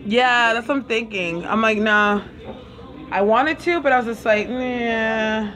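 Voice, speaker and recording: A woman's voice: a little high, a little slow, fairly bright tone. Woman, Caribbean accent, livestream host, casual and chatty, eating on mic, music in the background. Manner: chatty, eats while talking, reads viewers' comments aloud. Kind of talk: casual live-stream chat.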